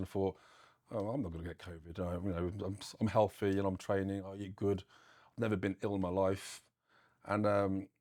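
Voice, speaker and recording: Low-voiced man telling his story. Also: darkish tone, no echo, studio quality. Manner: earnest, plain-spoken, frequent fillers. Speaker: guest, gym owner. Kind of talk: candid interview storytelling.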